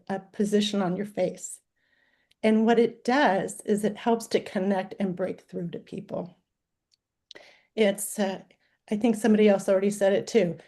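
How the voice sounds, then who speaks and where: A woman's voice: mid-range voice, dark tone. A woman in her sixties, a life coach, giving an earnest, emotional talk in list-like phrases. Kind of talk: heartfelt talk.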